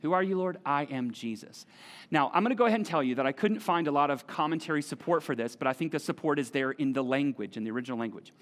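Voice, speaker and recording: Animated preaching man, slightly high voice. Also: racing, hardly any pauses. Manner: animated, conversational preaching with repeated phrases. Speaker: pastor. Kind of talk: sermon. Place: church auditorium.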